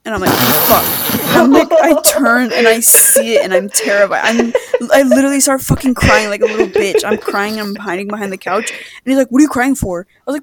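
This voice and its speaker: A woman's voice: on the high side, fairly quick, over a noisy crowd. A young woman telling a story to friends, swearing a lot and often laughing as she talks. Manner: profane, animated, breaks into laughter. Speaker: podcast co-host. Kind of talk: casual storytelling among friends. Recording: loud background noise.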